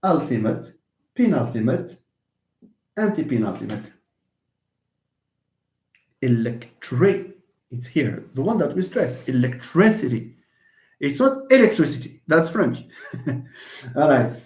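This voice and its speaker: A man's voice: on the high side, big pitch swings, a little slow, long pauses, a little mellow. A man teaching English word stress in a live lesson, slipping into Arabic and mimicking wrong pronunciations. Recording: roomy echo.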